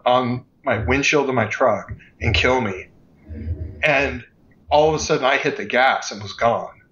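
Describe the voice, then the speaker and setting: A man in his fifties spins a personal story for a podcast, piling on vivid details and often restarting mid-phrase. His voice sits at an ordinary middle pitch. The audio is slightly dull and muffled. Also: a bit bright. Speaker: podcast guest.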